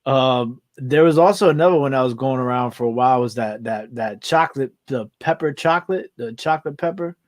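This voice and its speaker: A man chatting casually with friends, halting and filling gaps with "like". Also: medium pitch, dry recording, studio quality. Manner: loose, halting talker with many "like"s. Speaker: co-host reseller. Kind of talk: casual chat.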